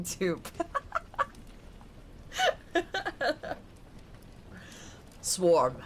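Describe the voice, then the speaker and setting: A woman streamer reading aloud and chatting on a live stream, excitable and incredulous, with casual swearing. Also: on the high side, very slow, long pauses, a little hiss or hum.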